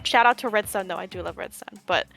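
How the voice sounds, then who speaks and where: A woman's voice: medium pitch, quick pace, gravelly, a bit bright, soft background music. A young woman commentating a live esports tournament, joking in playful mock outrage and wandering off on tangents.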